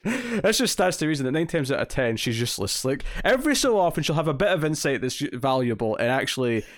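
A man's voice: on the high side, big pitch swings, quick pace, no room sound. A man co-hosting a podcast. He chats casually and rambles, with many fillers and restarts. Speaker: podcast co-host. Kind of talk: casual chat.

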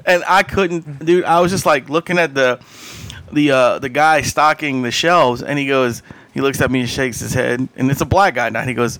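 A podcast co-host tells a rambling story in loose chat, breaking into loud quoted voices and laughing as he goes. His voice is fairly high and bright with a tense edge. The sound is dry, with no room around it. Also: expressive, normal speed, dry recording.

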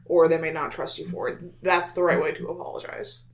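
A woman's voice: deep voice, little pitch movement, brisk. Woman doing a blunt, frank adventurer. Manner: blunt, swears casually.

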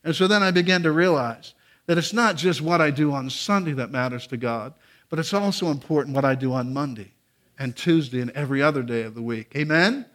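A man's voice: a little high, a little fast, a bit bright. A man preaching a sermon to a church congregation, conversational and earnest, often restarting his sentences and building to emphatic appeals. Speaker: guest preacher. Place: church sanctuary.

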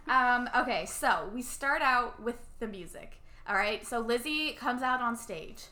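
Bright-voiced woman recapping a movie. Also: a little high, a little slow. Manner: animated, acts out characters' lines, laughs often. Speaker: podcast co-host. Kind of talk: casual movie recap chat.

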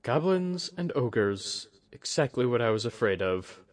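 A man playing an earnest young male samurai commander who speaks in a measured, decisive way. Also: medium pitch, sing-song, no room sound.

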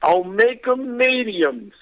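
A man's voice: high-pitched, animated, slow, fairly bright tone, highs cut off, heavily acted. A man playing a brash, shameless cineplex owner with a New York accent. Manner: brash, pushy, self-assured.

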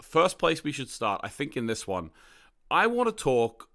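Rambling male podcast host, mid-pitch. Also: sing-song, normal speed, a bit bright. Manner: rambling, with many restarts and laughs. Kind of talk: casual chat.

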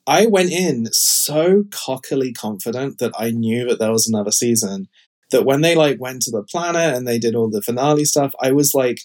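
A man talking casually on a podcast, rambling along with lots of fillers and restarts. His voice sits at an ordinary middle pitch for a man. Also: lively intonation, moderate pace, darkish tone. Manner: chatty, rambling, frequent fillers. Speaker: podcast co-host. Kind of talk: casual chat.

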